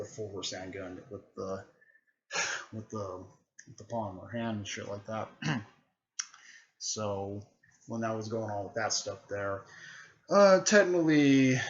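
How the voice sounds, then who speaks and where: A man giving a casual, rambling recap full of filler words, often clearing his throat. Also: fairly low pitch. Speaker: host recapping a fan series. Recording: dull lo-fi recording.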